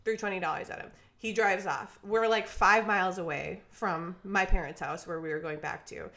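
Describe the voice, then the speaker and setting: A woman's voice: on the low side, moderate pace. A young woman from Minnesota, co-hosting a podcast, tells a long story in casual chat, acting out everyone's lines and saying "like" constantly. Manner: animated, acts out quotes, says "like" constantly. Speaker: podcast co-host.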